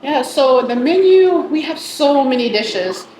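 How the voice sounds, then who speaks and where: A woman's voice: sits high, expressive, measured pace, darkish tone. A woman from the Bronx, a restaurant owner and cook, talking casually and proudly about her food in her restaurant, with many ums. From the Bronx, New York. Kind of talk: casual interview. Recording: echoey room with background noise.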